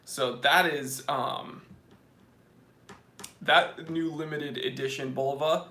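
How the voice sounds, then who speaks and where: A man with a bright, forceful, fairly high voice hosts a casual live stream Q&A from home. He chats and jokes his way through viewer comments. The room around him sounds noticeably echoey. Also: fairly even intonation, slow, a little hiss or hum. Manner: chatty, joking, reads viewer comments aloud.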